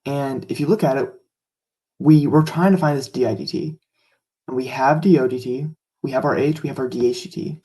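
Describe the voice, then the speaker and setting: A man with a mellow, warm voice explains a calculus problem one step at a time. He talks casually and pauses now and then on a filler. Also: mid-range voice, fairly even intonation, low-quality recording. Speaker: math tutor.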